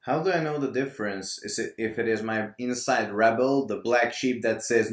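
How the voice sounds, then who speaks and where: A man putting a quick, earnest question to a speaker. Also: medium pitch, echoey room.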